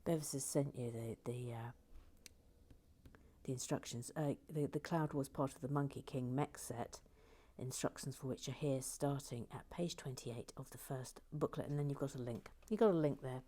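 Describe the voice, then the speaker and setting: A woman hosting a relaxed livestream, chatting softly while she builds, often drifting into a murmur. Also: rumbling low, normal speed. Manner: soft and rambling, often dropping to a murmur, with frequent restarts. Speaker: livestream host building LEGO sets.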